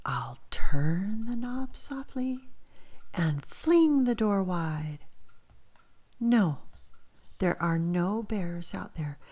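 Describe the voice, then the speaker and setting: A woman reading a bedtime story aloud in a soft, often whispered, expressive voice. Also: fairly low pitch, drawn-out words, pauses often.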